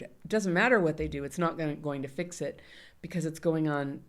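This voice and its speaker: Woman, low voice, middle-aged, interview guest, candid, laughs often. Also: brisk. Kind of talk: conversational interview.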